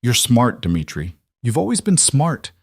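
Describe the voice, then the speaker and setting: A man voicing a determined male father who talks in a steady, persuasive way during a standoff. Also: mid-range voice, normal speed, gravelly, slightly rough, dry recording, clean studio sound, voice pushed up, exaggerated voice. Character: determined single father, steady under pressure.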